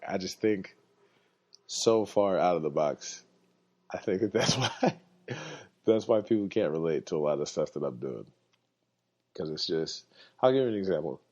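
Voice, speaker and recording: A man's voice: low voice, a little mellow. A man hosting a podcast, telling rambling, profane stories in a casual monologue, sick and coughing, and laughing often. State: under the weather, coughing. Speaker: podcast host. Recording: dull lo-fi recording.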